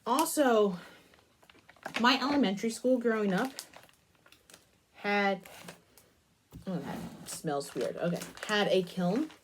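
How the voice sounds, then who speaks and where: A young adult woman who hosts a crafting channel chats casually while working with clay, rambling through a long childhood story with asides about her work. Her medium-pitched voice is animated but slow, with long pauses. Slight background noise is present.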